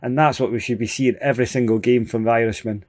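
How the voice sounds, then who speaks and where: A Scottish man hosting a gaming video, giving casual, excitable play-by-play with frequent chuckles. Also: medium pitch, fast talker. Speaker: gaming channel host. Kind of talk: casual let's-play commentary.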